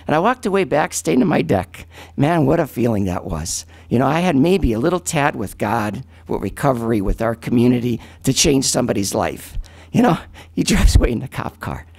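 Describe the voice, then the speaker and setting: A man in his fifties testifies at a county meeting as a recovery advocate. His voice sits at an ordinary middle pitch, and his delivery is earnest and halting as he keeps choking up with emotion. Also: creaky.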